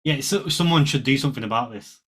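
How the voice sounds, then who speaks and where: A man co-hosting a podcast discussion, talking in a halting way and searching for words. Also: mid-range voice, fairly bright tone, slightly rough. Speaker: podcast co-host. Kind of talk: casual discussion.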